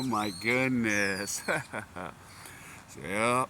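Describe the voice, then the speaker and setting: A man's voice: lowish voice, slow pace, bright, forceful tone, a little hiss or hum. A man from the United States talking in a casual vlog, who laughs often and breaks into amused exclamations.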